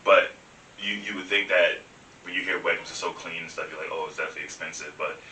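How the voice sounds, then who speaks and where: Fast-talking deep-voiced young man, echoey room. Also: steady tone, bright, forceful tone, far from the mic, a little hiss or hum. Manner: laid-back storytelling, laughs often. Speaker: host. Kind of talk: casual chat over wine.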